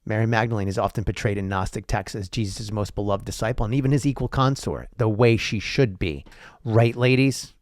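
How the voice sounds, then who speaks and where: A man's voice: on the low side, fast talker, hardly any pauses, dry recording, clean studio sound. A man hosting a solo podcast monologue, rambling with profane, sarcastic asides and frequent restarts. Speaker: podcast host.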